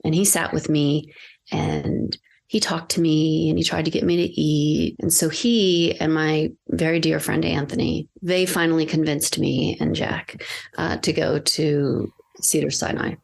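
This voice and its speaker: A woman sits down as a podcast guest and tells a personal story in conversation. Her voice is low and gravelly with vocal fry, and she speaks earnestly, pausing and restarting as she goes. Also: fairly even intonation. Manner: earnest, halting, with frequent restarts and fillers. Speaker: podcast guest, acting coach.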